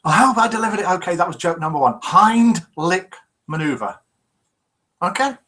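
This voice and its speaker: A man's voice: high-pitched, animated, rapid-fire, pushed and bright. A man hosting a live chat show, reading out viewer comments and telling jokes in a chatty, teasing way.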